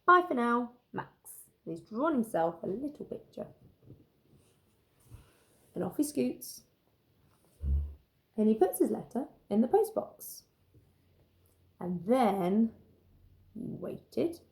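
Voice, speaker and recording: A woman teacher reading a picture book aloud for children, gently commenting on the pictures. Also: on the high side, sing-song, slow pace, long pauses. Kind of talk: children's story time narration.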